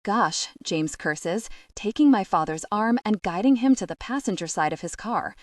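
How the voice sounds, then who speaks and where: A woman reading a first-person audiobook in a tense, urgent way that rises at the shouted lines. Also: medium pitch, animated, moderate pace, no echo, studio quality. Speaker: audiobook narrator.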